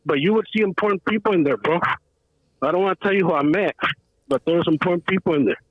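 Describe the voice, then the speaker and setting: Over a thin, tinny phone connection, a high-voiced man calls in to a show and spins a casual, meandering yarn full of slang and repeated "bro." He talks fast, and there's no room sound.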